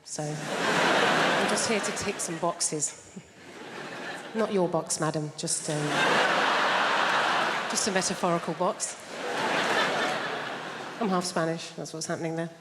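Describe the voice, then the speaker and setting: A woman's voice: lowish voice, takes it slowly, pauses often. A woman from England doing a stand-up comedy set on a theatre stage, wry, self-mocking and conversational. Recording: live theatre hall with loud audience noise.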